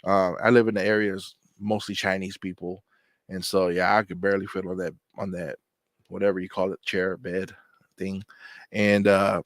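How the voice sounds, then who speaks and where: A man hosts a casual livestream chat, rambling loosely from one point to the next. His voice sits on the low side, and the sound is dry and close, with little room around it. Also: level tone, moderate pace, no room sound. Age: adult. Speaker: channel host.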